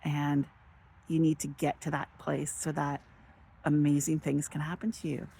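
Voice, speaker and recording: Low-voiced woman musing spiritually. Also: level tone, normal speed, gravelly, warm tone, breathy edge. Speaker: spiritual vlogger. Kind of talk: casual storytelling and spiritual musing.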